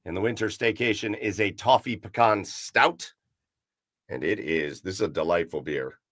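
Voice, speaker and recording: A man's voice: low-pitched, normal speed, a bit bright, no echo, studio quality. A man hosting a casual sports talk show, chatty and rambling, with frequent fillers and repeated words. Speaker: podcast host.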